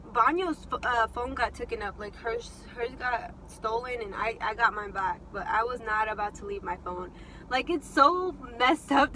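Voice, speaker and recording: A young woman telling a story casually while eating, chatty and animated with lots of fillers. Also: fairly high pitch, a little hiss or hum, poor audio. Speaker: vlogger.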